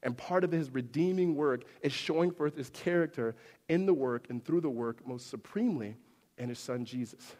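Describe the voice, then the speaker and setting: A man giving a sermon as pastor, animated and conversational, acting out quoted voices with big swings up and down. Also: mid-range voice, normal speed, in a large hall.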